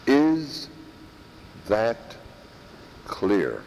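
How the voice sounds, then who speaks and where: A man delivers a sermon in a slow, deliberate way, his pitch swinging widely as he leans on key words. He repeats phrases for emphasis. His voice carries a long reverb from a church hall, with faint background noise. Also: huge pitch swings, gravelly, a little mellow. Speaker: preacher.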